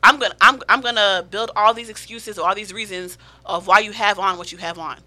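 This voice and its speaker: A woman's voice: medium pitch, brisk, pushed and bright, dry recording. A woman guest on a podcast, arguing her point emphatically in a heated casual discussion. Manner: emphatic, insistent, interrupts back.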